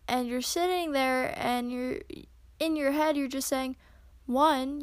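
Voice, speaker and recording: A woman's voice: sits high, steady tone, slow, no room sound, studio quality. A young woman hosting her own podcast, telling everyday annoyances in a casual, exasperated way and acting out the quotes. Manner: exasperated storytelling with acted-out quotes. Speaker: podcast host. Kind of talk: solo casual podcast monologue.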